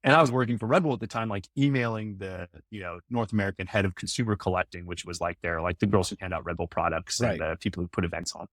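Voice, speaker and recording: A man's voice: low-pitched, fast talker, few pauses, fairly bright tone, no room sound, studio quality. A man chatting as a podcast guest, telling rambling stories full of "like" and "you know.". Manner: rambling storyteller, lots of fillers. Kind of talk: casual podcast chat.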